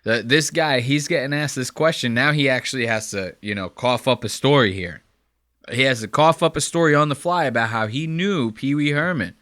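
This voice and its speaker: A man giving casual, profane reaction commentary, animated and mocking as he talks. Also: medium pitch, normal speed, no echo, studio quality.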